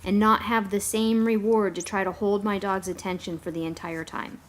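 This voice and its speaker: A woman dog trainer giving a calm, explanatory voice-over narration. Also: mid-range voice, moderate pace, slight background noise.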